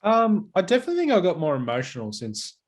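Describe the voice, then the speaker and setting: A man's voice: high voice, wildly swooping pitch, quick pace. An easygoing man, co-hosting a podcast in casual chat and laughing often. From Australia. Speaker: podcast co-host.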